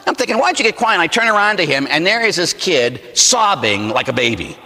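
A Catholic priest in his forties from Pittsburgh, preaching a sermon with animated storytelling and rhetorical "huh?" asides. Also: fairly high pitch, a little fast, big-room sound. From Pittsburgh, USA. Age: 40s. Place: church.

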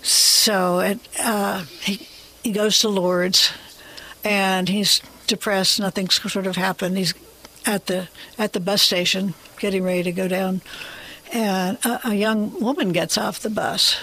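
An author guest telling anecdotes in an animated, rambling way. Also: mid-range voice, unhurried, poor audio. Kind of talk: storytelling interview.

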